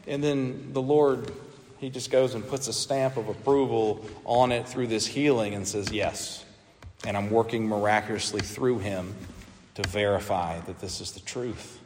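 A man's voice: medium pitch, long reverb tail. A man preaching a sermon as pastor, earnest, with frequent restarts and emphatic peaks.

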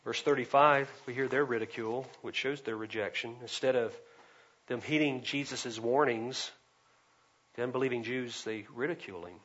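A man preaching an expository sermon, swinging between loud emphasis and quiet asides. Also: medium pitch, normal speed, breathy edge, highs cut off. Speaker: pastor.

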